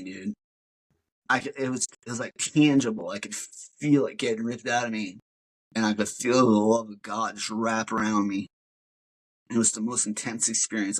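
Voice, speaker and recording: A man's voice: medium pitch, poor audio. A man in a mid-range voice recounts his own life story as a podcast guest. He rambles, restarts, and keeps tossing in "dude" in easy, casual talk. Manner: rambling, filler-heavy, says dude. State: emotional. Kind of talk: casual personal testimony.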